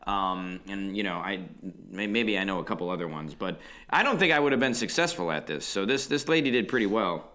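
A man's voice: low voice, lively intonation, fairly quick, hardly any pauses, pushed and bright. A man co-hosting a podcast, chatting casually and rambling with lots of restarts and fillers. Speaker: podcast co-host. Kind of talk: casual chat.

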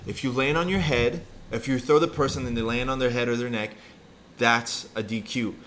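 A man making his case in casual podcast talk, blunt and heavy with swearing. His voice sits at an ordinary pitch, with faint room ambience underneath. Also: fairly even intonation, normal speed, a bit bright, slight background noise. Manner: blunt, profane, emphatic. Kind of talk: casual heated chat.

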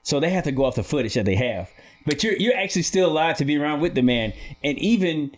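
A man's voice: animated, fast. A man in casual conversation, rambling through anecdotes and acting out quotes in a raised voice. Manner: rambling storyteller, acts out quotes with raised pitch. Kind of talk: casual chat.

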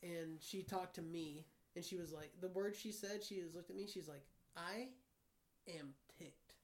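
A laid-back man hosting a podcast, high and casual, swearing often and calling his guest dude. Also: fairly even intonation, normal speed, darkish tone. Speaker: podcast host. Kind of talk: casual chat.

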